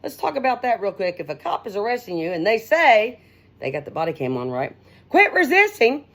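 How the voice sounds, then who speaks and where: A woman's voice: medium pitch, big pitch swings, brisk. A middle-aged woman, hosting a casual, unscripted monologue in a blunt, outspoken, rambling way, calling listeners honey and man, talking into her own device's mic without a headset. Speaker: host.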